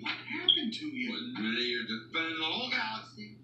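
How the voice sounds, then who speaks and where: An anxious, urgent cartoon cowboy toy, whose pitch leaps wildly up and down as he pleads. The sound comes from an animated film clip, distant and roomy, with background noise. He speaks at a slow, drawn-out pace. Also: dull audio, heavily acted. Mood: urgent coaxing. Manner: urgent and coaxing. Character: worried male cowboy toy coaxing his friend.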